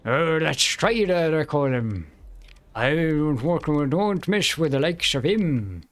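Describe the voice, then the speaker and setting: A man voicing a shady male pub owner who sounds like a pirate, in a slow, theatrical drawl. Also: on the high side, expressive. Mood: wary.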